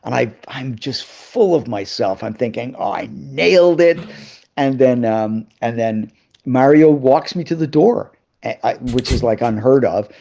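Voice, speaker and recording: A man tells a story as a guest on a live interview show, full of energy and acting out the voices of the people in it. His pitch sits in the middle range. The sound is a little dull and lo-fi, as if it comes over a video call. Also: a little slow, creaky. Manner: lively anecdotes, acting out other people's voices.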